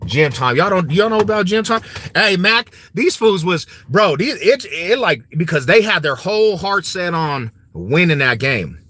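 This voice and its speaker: Bright, lively trash-talking man. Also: sits high, moderate pace. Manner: mocking, swaggering, slangy, laughs often. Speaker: vlogger. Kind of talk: casual trash-talking rant.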